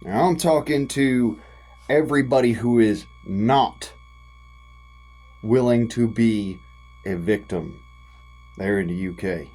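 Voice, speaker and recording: Over a rough recording, an American man with a darkish, medium-pitched voice delivers a heated direct-to-camera rant. He swears freely and drawls his emphatic phrasing in a folksy style as a vlogger.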